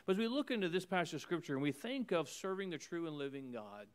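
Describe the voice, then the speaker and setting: A male pastor preaching a sermon, emphatic and repetitive, swinging between loud declarations and hushed lines. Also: fairly high pitch, big pitch swings, fast. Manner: repeats phrases in rhythmic runs.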